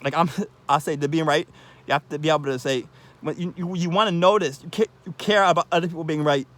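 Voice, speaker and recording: A man talking alone to the camera in a rambling monologue, restarting his sentences, laughing softly and often breaking off to say "I love you". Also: on the high side. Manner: repeats "I love you" often, halting restarts, sudden soft asides; laughs briefly between thoughts. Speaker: vlogger.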